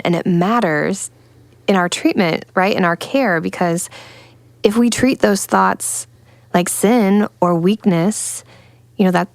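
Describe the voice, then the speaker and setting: Woman co-host, lowish voice, affirming and questioning, dry sound. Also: dry recording. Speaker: podcast co-host. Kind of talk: casual faith-based discussion.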